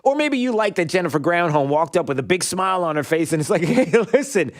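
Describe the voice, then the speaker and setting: Animated, sarcastic male talk radio host. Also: high-pitched, quick pace, no room sound, studio quality. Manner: sarcastic, animated, banters with producer. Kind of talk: opinionated talk radio monologue.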